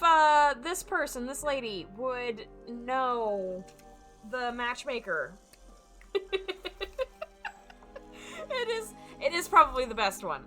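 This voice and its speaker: A woman streamer gives casual, giggly commentary while playing a game. Her voice is a bit high and very animated. Music plays clearly in the background.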